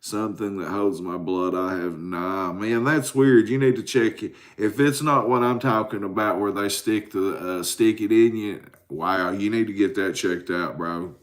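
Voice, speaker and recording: This late-night livestream host, a man in his forties, speaks at normal speed with few pauses in a fairly low, steady voice. Tired after a caffeine crash, he is drowsy, profane and rambling as he answers viewers.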